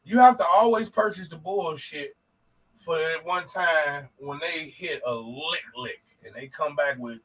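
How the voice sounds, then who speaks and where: A man co-hosting a podcast, telling a profane, animated story in casual chat and acting out the people in it. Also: on the high side, measured pace, far from the mic, low-quality recording. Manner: animated, profane, acts out quoted voices. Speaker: podcast co-host.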